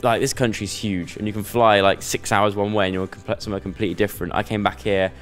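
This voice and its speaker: Low-voiced young man, chatty. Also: little pitch movement, fast talker, fairly bright tone, soft background music. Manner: chatty, rambling, jokey. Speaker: YouTuber guest. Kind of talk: casual chat.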